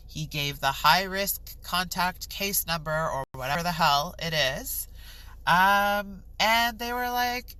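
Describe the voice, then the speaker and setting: Woman venting on her vlog, low slow voice, bright edge, swears a lot. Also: low-quality recording. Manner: exasperated, swearing, talks to the camera. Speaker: vlogger. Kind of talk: ranting storytime vlog.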